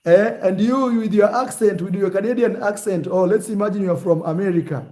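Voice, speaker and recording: A man chats straight to camera in a loose, teasing vlog style. His voice sits a bit high for a man and stays animated as he jokes with his viewers. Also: a little fast. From Kenya. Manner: animated, teasing, shifts to mock accents. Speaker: vlogger. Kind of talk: casual vlog talk.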